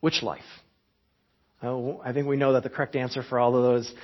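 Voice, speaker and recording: Husky-voiced man giving a sermon. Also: mid-range voice, little pitch movement, a little fast, lo-fi sound. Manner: conversational, chuckling, many restarts. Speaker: pastor.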